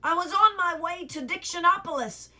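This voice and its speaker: A woman's voice: very high-pitched, normal speed, sharp tone, pitched above the performer's own voice, full character voice. A woman voicing a young boy who asks polite, puzzled questions in a storybook reading. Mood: curious.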